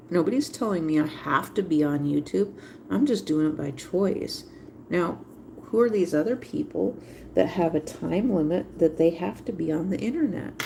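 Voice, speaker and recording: A woman's voice: on the low side, vocal fry, warm tone, a little hiss or hum. A woman hosting a livestream, talking casually in a rambling way and repeating phrases for emphasis. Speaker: livestream host.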